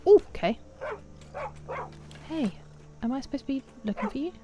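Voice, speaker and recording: A young woman giving casual commentary while streaming a game, chatting with her viewers and reacting loudly. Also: high voice, lively intonation, normal speed, noisy background.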